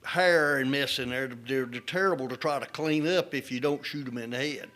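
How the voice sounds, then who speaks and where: A man's voice: medium pitch, normal speed, a bit bright, lightly acted. A man voicing a blunt old country hunting buddy, folksy and teasing. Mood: instructing.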